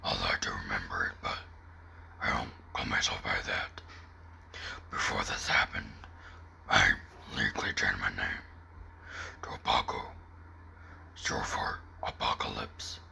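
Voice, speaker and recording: Whispered role-play survivor, gravelly deep whisper, brooding, slow. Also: male voice, fairly even intonation, pushed and bright, exaggerated voice. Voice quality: deep raspy whisper, Venom-like growl. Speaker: narrator character.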